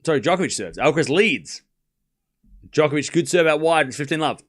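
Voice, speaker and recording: A man's voice: on the high side, expressive, brisk, fairly bright tone. Chatty Australian man calling tennis. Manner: chatty, laughs often, calls points between chat replies. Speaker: streamer and host. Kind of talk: live watchalong commentary, reading chat.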